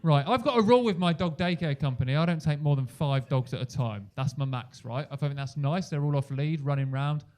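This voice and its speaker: Animated young male stand-up comedian. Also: brisk, few pauses. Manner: animated, swings into loud high-pitched acted-out voices. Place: comedy club stage.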